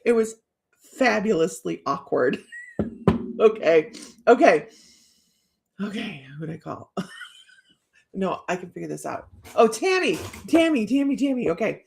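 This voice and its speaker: A woman's voice: fairly high pitch, darkish tone. A woman hosting a live psychic reading stream, chatting casually and joking, laughing often between lines. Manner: chatty, with frequent restarts.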